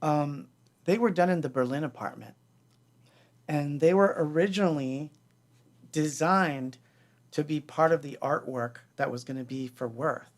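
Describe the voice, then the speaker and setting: A middle-aged man telling the story of his band in a casual livestream, candid and rambling, acting out what others said. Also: fairly high pitch. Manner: candid, rambling, acts out quoted voices.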